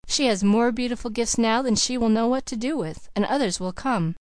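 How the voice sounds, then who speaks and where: Composed, kindly mentor woman, measured and gentle, read by a woman. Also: fairly high pitch, no echo, lightly acted. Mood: reassuring.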